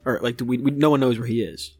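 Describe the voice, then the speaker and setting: A man player in a tabletop game, thinking aloud deliberately with restarts. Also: medium pitch, steady tone, a little mellow, slightly rough, dry recording, soft background music.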